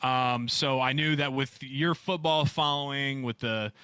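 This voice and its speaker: A man's voice: mid-range voice, fairly even intonation, unhurried, sharp tone, clean tone, no echo. A man, a comedian guest, chatting casually in a rambling way, repeating words as he goes. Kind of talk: casual interview chat.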